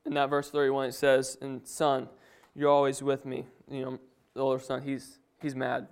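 A man's voice: medium pitch, monotone, moderate pace, vocal fry, clear, resonant tone. A man preaching a sermon, reading scripture aloud and then explaining it in his own words with frequent restarts.

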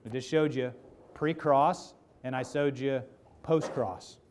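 A man's voice: mid-range voice, steady tone, slow, a little mellow, a little hiss or hum. Casual joking male preacher. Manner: casual and joking, asks the congregation questions, acts out quotes. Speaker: pastor. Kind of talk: conversational sermon.

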